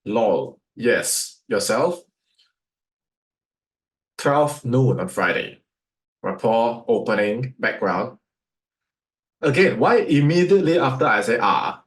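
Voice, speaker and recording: A man's voice: mid-range voice, expressive, slow, pauses often. A man with a Singaporean English accent, teaching sales as a coach, firing rhetorical questions at his listeners. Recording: echoey room.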